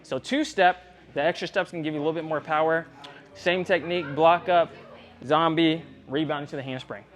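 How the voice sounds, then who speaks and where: A man's voice: on the high side, steady tone, brisk. A man coaching a young athlete one-on-one in a gym, speaking directly and earnestly, often checking whether she believes him. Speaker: tumbling coach.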